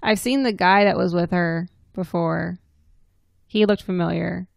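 A woman co-hosts a casual podcast in a fairly low voice, animatedly retelling events with quoted back-and-forth. The recording is dry and close-miked. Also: fairly even intonation, unhurried, gravelly, dry recording. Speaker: podcast co-host.

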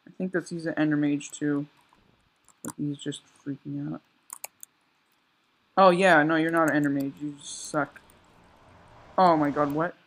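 Excitable young guy narrating his gameplay. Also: on the high side, measured pace, long pauses, poor audio. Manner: excitable, sarcastic, exclaims often. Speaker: gameplay commentator. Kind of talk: casual gameplay commentary.

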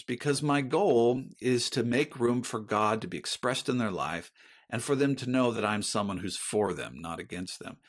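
A man's voice: medium pitch, a bit bright. Earnest reflective man, podcast guest. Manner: earnest, reflective, faith-based talk. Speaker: guest author. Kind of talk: conversational podcast interview.

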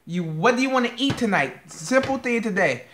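A man's voice: very high voice, expressive, normal speed, fairly bright tone, a little hiss or hum. American man, co-host, bantering and defensive, roomy echo. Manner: teasing, playfully defensive. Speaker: co-host of a couple's channel. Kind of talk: casual couple banter.

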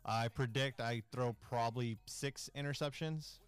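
A man's voice: medium pitch, fairly even intonation, normal speed, smooth. A man co-hosting a gaming stream, rambling and joking in loose casual chat, swearing freely and laughing often. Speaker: co-host and gamer.

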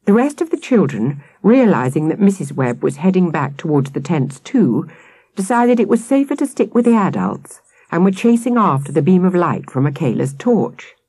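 A woman narrating a children's audiobook with an expressive, dramatic reading. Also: fairly low pitch, normal speed, slightly rough, dry recording.

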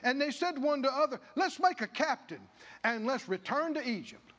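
A man's voice: very high voice, big pitch swings, moderate pace, fairly bright tone, in a large hall. A male pastor preaching a sermon, folksy, acting out the grumbling of the people. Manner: folksy, acts out the people's grumbling in character voices. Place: church.

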